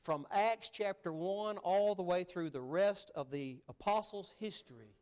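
A man preaching a sermon as pastor, emphatic, swinging between loud stresses and hushed asides. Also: high voice, a little slow, clean tone. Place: church sanctuary.

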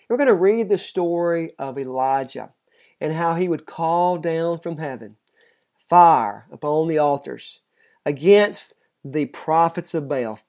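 Scripture reader, measured and steady, middle pitch, slows for the solemn lines. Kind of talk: scripture reading aloud.

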